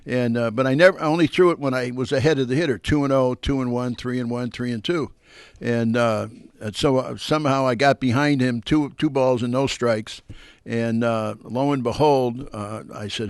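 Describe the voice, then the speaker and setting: An older man, a former pitcher, telling rambling baseball anecdotes at a live question-and-answer event, speaking into a handheld mic with fillers and restarts. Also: steady tone, moderate pace, distant mic. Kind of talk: storytelling at a live Q&A.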